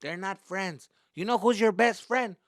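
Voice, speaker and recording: A man's voice: high voice, a little slow, dry recording, clean studio sound, pitched above the performer's own voice. A man doing a lecturing mom. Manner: lecturing, switches between Spanish and English. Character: scolding immigrant mother, earnest and devout.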